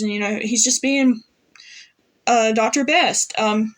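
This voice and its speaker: A woman's voice: a little high, steady tone, slow pace. A woman casually recapping a TV episode as a fan reviewer, chatty and full of fillers as she paraphrases the characters' lines.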